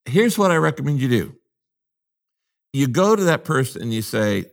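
A man's voice: medium pitch, sing-song, moderate pace, gravelly, long pauses. An older man, a pastor from the United States, talking in an interview in an emphatic, preacherly way and repeating his key phrases. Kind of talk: interview conversation.

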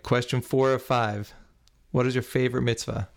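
A man hosting a podcast, running a quick question round with upbeat energy and reading the show's closing credits. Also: mid-range voice, fairly even intonation, vocal fry. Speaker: podcast host. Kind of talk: interview and scripted outro.

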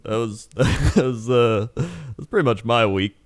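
A man's voice: medium pitch, normal speed, no room sound. A man co-hosting a casual chat, telling a story in a laid-back way and laughing often. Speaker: podcast co-host.

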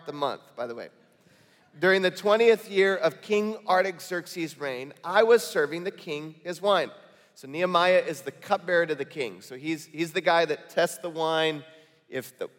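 A man's voice: a little high, a bit bright, long reverb tail. A male pastor preaching a sermon, reading scripture aloud with conversational, joking asides.

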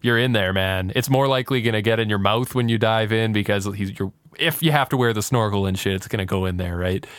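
A man's voice: lowish voice, fast, few pauses, clear, resonant tone, no echo. A man co-hosting a podcast, telling a rambling story in casual chat and laughing often. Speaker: podcast co-host.

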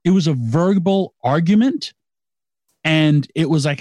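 A man's voice: on the high side, lively intonation, unhurried, darkish tone, no echo. A middle-aged man co-hosting a podcast, talking enthusiastically and rambling with many restarts. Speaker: podcast co-host. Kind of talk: casual chat.

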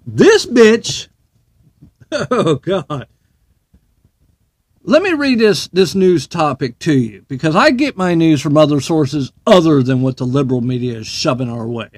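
A man's voice: fairly high pitch, very animated, unhurried, breathy edge, dry recording. A man hosting a solo podcast, ranting bluntly and heatedly with plenty of swearing. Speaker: podcast host.

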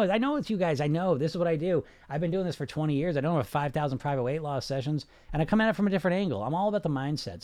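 A man's voice: on the high side, no echo. A middle-aged man who coaches weight loss, talking in a live-streamed podcast monologue, blunt and profane, firing rhetorical questions at his listeners.

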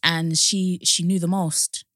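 A young woman co-hosts a casual podcast chat, her voice low and explanatory, rising when something outrages her. The recording is close and dry, with no room sound. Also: level tone, slow, a bit bright, no room sound. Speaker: podcast co-host.

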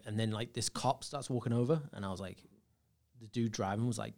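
A man's voice: lowish voice, fast, vocal fry, a little mellow. A young man casually telling a long, rambling story on a podcast, full of fillers and laughter. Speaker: podcast guest.

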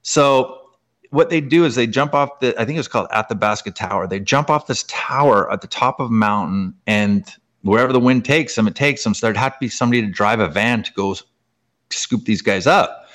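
A man from Canada, a guest author, telling personal stories in an interview, full of fillers and sudden jumps up in pitch. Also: brisk. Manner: animated, filler-heavy, frequent jumps up in pitch. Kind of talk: emotional personal storytelling in an interview.

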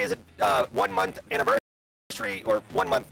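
A man hosting a live cybersecurity news stream, talking in a casual, animated way that jumps high and low. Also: normal speed, creaky, poor audio. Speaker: livestream host. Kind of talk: casual livestream chat.

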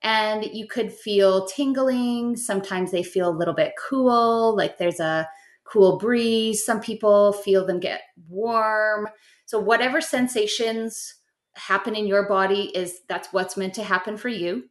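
Speaking a little slowly, a middle-aged woman guides a listener through a simple spiritual practice as a podcast guest, explaining each step gently. Her mid-range voice carries a clear echo from the room.

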